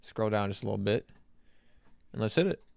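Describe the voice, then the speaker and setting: Low, smooth-voiced man reviewing music. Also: lively intonation, fairly quick, darkish tone, no echo. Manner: thoughtful, encouraging critique with casual filler words. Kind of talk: casual livestream track review.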